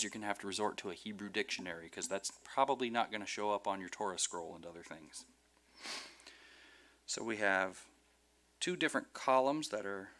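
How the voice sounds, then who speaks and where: A man's voice: lowish voice, a bit bright. A man teaching a Hebrew class over a video call, patiently repeating each word for his students.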